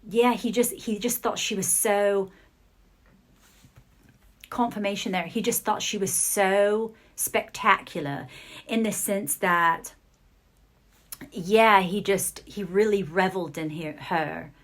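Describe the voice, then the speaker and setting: A woman's voice: medium pitch, fairly even intonation, takes it slowly, long pauses. Hesitant woman giving a psychic reading. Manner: hesitant, relaying what she hears in bursts. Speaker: psychic reader.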